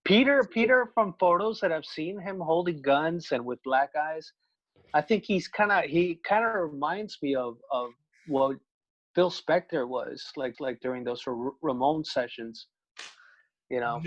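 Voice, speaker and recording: A man hosting a casual fan talk show, enthusiastic and quick to react to his guest's stories. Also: fairly high pitch, animated, a bit bright, lo-fi sound. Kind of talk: casual interview chat.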